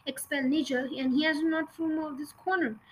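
A woman reading as a calm, kind schoolteacher. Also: high-pitched, brisk, a little hiss or hum, natural voice, low-quality recording. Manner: steady, composed.

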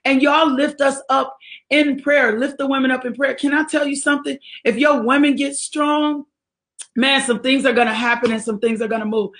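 A woman hosts a livestreamed morning devotional for her ministry. She speaks in a lively, exhortative way and greets viewers by name. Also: sits high, normal speed. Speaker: ministry leader hosting a devotional.

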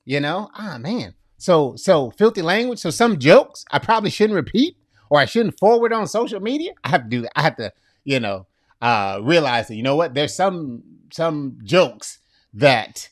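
A middle-aged man preaching a sermon in an animated way, often laughing at his own jokes. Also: a little high, moderate pace, no room sound, clean studio sound. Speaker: pastor.

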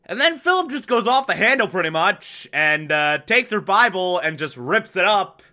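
A man's voice: high-pitched, sing-song, normal speed, bright, forceful tone. A young man casually recapping a TV episode, chatty and wry, with lots of fillers. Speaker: TV show recap host.

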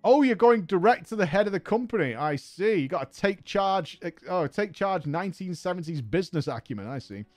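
A man's voice: sits high, animated, brisk, few pauses, a little mellow, dry recording, faint music behind. A man hosting a podcast who reads a story aloud and breaks off into profane, laughing comic asides. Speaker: podcast host reading a story. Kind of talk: comedic story reading with commentary.

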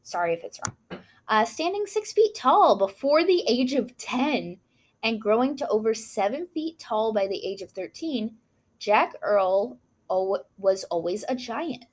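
A woman's voice: on the high side, expressive, measured pace. A woman co-hosting a casual chat, reading out history notes with frequent asides and apologies for mispronounced names. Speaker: podcast co-host.

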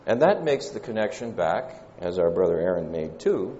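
Southern male preacher, deep-voiced, halting and thoughtful, heard on a lo-fi recording from a big echoing hall. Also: big pitch swings, mellow, slight background noise. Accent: Southern American. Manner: measured, pausing delivery with frequent "uh" fillers. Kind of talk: sermon. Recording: dull lo-fi church recording with long reverb.

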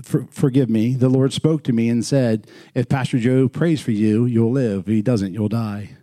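A man's voice: mid-range voice, steady tone, moderate pace, mellow, dry recording, lightly acted. A man voicing an older man with cancer who earnestly pleads with his pastor. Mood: pleading.

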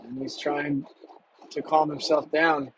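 A man telling a personal story from his past in a halting, measured way with long pauses. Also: fairly high pitch, level tone, a bit bright, slight background noise, rough recording.

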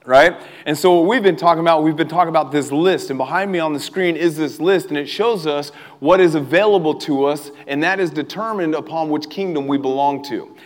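Energetic young male preacher in a reverberant hall. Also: fairly high pitch, a little fast, hardly any pauses. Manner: animated, calls for crowd responses, laughs often. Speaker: youth pastor. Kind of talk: energetic sermon. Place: church hall with a live audience.

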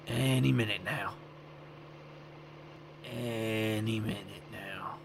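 A wisecracking, weary detective, as a man plays him, narrates his own scrape in first person. The voice sits mid-pitch with a gravelly edge, and faint ambience runs under it. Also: steady tone, a little slow, background noise. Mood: wry. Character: wry, sardonic male detective, weary and broke.

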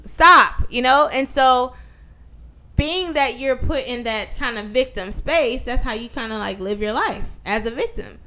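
A woman co-hosting a casual podcast, her voice sitting a bit high. She speaks candidly and curses in an easy, chatty way. She calls her co-host sis as they trade opinions. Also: a little slow, a bit bright. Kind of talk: casual gossip chat.

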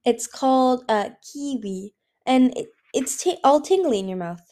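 A kind young female dragon, read by a woman with a gentle, teasing way of speaking. She stays close to the reader's natural voice, soft and fond. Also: high-pitched, lively intonation, a little slow, voice pushed up.

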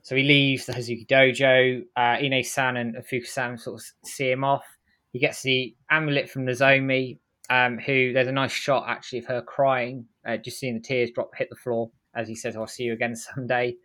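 Man briskly recapping an episode. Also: mid-range voice, little pitch movement, pushed and bright. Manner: brisk storytelling, acts out quotes in passing. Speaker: podcast co-host. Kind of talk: casual recap narration.

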